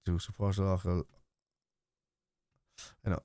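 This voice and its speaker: A man's voice: lowish voice, steady tone, brisk, long pauses, dark tone, no room sound. Blunt Irish man arguing with chat. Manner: argumentative, blunt, swears casually. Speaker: host. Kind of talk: livestream football watchalong, arguing with chat.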